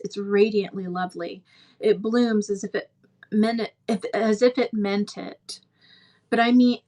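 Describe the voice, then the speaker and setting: A woman's voice: on the high side, lightly acted. A woman voicing a chatty, dreamy, imaginative orphan girl who gushes as she talks. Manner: gushing, talkative.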